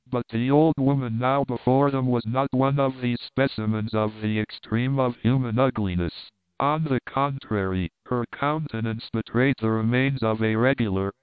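A man's voice: mid-range voice, clean tone, no room sound. Man narrating an audiobook over a tinny line. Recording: tinny phone-like dry sound.

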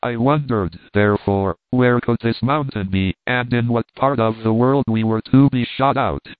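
A male audiobook reader with a mid-range voice narrating a classic adventure in a measured, dramatic way. The recording is dry with no room sound, and the band is narrow like a phone. His delivery is steady and scripted. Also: medium pitch, no echo. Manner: measured, dramatic first-person reading.

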